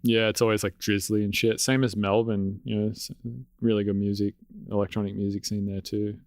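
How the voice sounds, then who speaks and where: A fairly low-pitched man chats in a loose, rambling podcast style, swearing freely as he tells stories. His voice sits close on a studio mic in a dry, deadened room with almost no reverb. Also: level tone, brisk, darkish tone. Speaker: electronic music producer. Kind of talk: casual podcast conversation.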